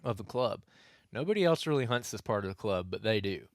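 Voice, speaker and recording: A man's voice: lowish voice, lively intonation, fast, dry recording, studio quality. A young man, co-hosting a casual podcast and telling a long story full of restarts and asides. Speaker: podcast co-host. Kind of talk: casual hunting podcast chat.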